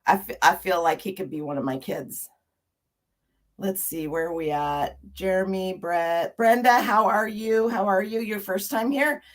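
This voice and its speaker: At medium pitch and a little slowly, a woman in her fifties hosts a casual livestream, chatting warmly, laughing, and greeting her viewers individually.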